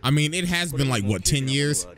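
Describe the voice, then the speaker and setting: A man hosting a casual watch-along, talking loud and excitable in swearing banter with friends. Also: mid-range voice, normal speed. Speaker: host. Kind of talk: casual chat while watching anime.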